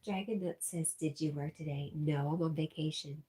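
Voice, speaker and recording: A woman's voice: sits low, fairly even intonation, normal speed, mellow. A woman hosting a casual livestream, reading out viewer comments and laughing often. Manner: giggly, reads out chat messages. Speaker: livestream host.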